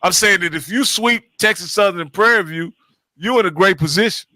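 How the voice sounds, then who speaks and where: A man's voice: high-pitched, brisk, pushed and bright, no room sound. A man in casual sports talk, emphatic, repeating his points and laughing often.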